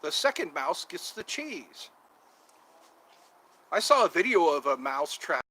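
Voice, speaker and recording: Unhurried yet very animated, a man with a fairly high, bright, forceful voice rambles jokingly on his casual outdoor stream, drawing out some words as he chats. Poor audio carries a little hiss or hum.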